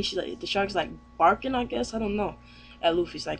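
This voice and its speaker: A man with a high-pitched voice recaps a comic chapter in loose, rambling speech, trailing off and restarting as he goes. He sounds easygoing and unscripted, with a faint hum in the background. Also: fast, a bit bright. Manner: rambling, with lots of fillers and restarts. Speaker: anime reviewer.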